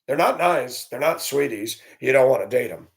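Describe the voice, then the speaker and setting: A man delivers a solo vlog monologue, indignant and blunt. He rants straight to camera in an average-pitched voice. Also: animated, moderate pace, gravelly. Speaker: vlogger.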